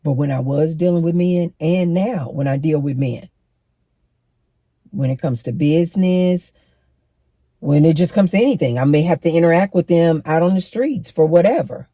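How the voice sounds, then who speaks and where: A woman's voice: deep voice, normal speed, dark tone, no room sound. Emphatic middle-aged woman giving advice. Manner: emphatic, preachy, direct address to women. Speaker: relationship advice vlogger. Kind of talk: advice monologue to camera.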